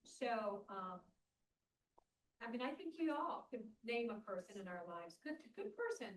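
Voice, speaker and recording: A woman's voice: a little high, sing-song, a little slow, distant mic, rough recording. A woman in a church forum class, offering a comment in a thoughtful, slightly hesitant way. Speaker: class participant.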